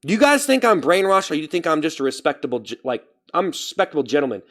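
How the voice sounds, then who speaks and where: A man with a fairly high voice rambles through a casual live stream, talking straight to his chat. He keeps tripping over his words, restarting and correcting himself before he finishes a thought. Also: lively intonation, fast, fairly bright tone. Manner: talks straight to chat, reading out names.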